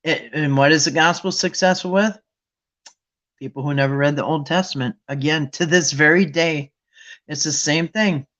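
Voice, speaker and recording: A man hosting a Bible trivia game with viewers, chatting casually and thinking aloud with restarts and sudden excited jumps. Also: a little high, moderate pace. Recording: dull lo-fi sound.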